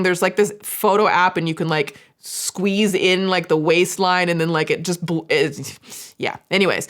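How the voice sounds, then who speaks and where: A woman hosting a casual commentary video, sarcastic and animated, swearing now and then. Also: deep voice. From United States. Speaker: commentary YouTuber host.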